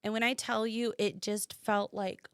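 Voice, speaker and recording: A woman from the United States telling a personal story as a podcast guest, animated and quoting others in lively voices. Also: medium pitch, unhurried, clean tone, dry recording, studio quality.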